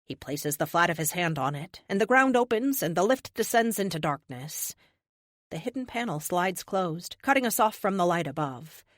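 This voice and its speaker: A woman narrating a first-person audiobook in an expressive, youthful, wry manner. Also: fairly low pitch, moderate pace, no echo, clean studio sound.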